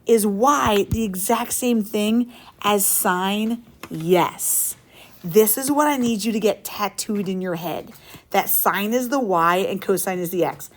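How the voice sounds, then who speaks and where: In a slow, mid-range voice, a woman lectures her high school math class. She keeps it upbeat and playful, frequently asking the class questions.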